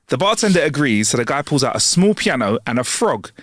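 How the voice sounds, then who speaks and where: A man's voice: medium pitch, a little fast, no room sound. A man co-hosting a comedy podcast, reading jokes aloud with playful character voices and plenty of laughter. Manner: reads jokes with lively put-on character voices, laughs a lot. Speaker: podcast co-host.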